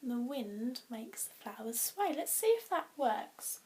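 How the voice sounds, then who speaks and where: A young woman speaks as a teacher modelling a lesson for young pupils. Her voice sits high, and she takes her time, thinking out loud and counting out syllables one by one. Now and then she drops to a whisper as she tries words out for herself. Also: big pitch swings, a little slow, few pauses, heavy background noise.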